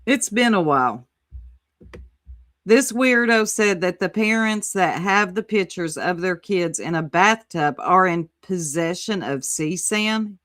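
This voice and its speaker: A woman's voice: lowish voice, expressive, takes it slowly, a bit bright. A woman hosting a casual commentary livestream, sassy and exclamatory, reading chat aloud and reacting to a clip. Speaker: livestream host.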